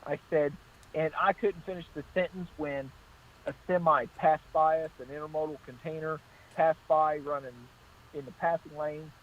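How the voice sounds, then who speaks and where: Trooper telling road stories, muffled line. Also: male voice, fairly high pitch, steady tone, normal speed. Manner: anecdotal, repeats "I said" in acted-out exchanges. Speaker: state trooper guest. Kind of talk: casual call-in storytelling.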